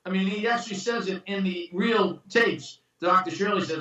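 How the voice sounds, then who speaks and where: The lo-fi, roomy audio catches a high-pitched man sitting distant from the mic, talking at a moderate pace with hardly any pauses. As a screenwriter and producer guest discussing his screenwriting, he tells casual, animated stories and voices the characters in them.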